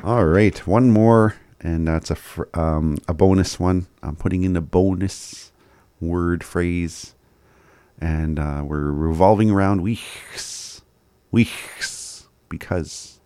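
A man with a deep, low voice talks slowly through a list of phrases, pausing to think and chuckling now and then. The sound is close and dry, with no room around him. He comes across as a relaxed, hesitant teacher. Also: clean tone, no room sound. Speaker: language teacher.

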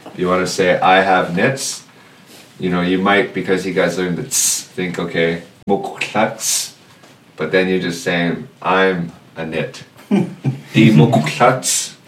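A very low-voiced man leads a classroom lesson, speaking patiently and repeating words slowly so students can follow. He sounds distant from the mic, in an echoey room with a faint hiss underneath. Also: little pitch movement, fairly bright tone. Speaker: language teacher.

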